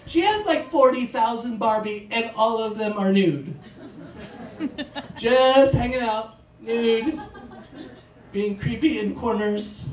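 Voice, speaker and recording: Male stand-up comic with a slow, rambling, self-deprecating delivery and loud outbursts, recorded from a distance in a reverberant theater. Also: very high voice. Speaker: stand-up comedian. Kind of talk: stand-up comedy set. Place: theater stage. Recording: echoey theater, mic from a distance.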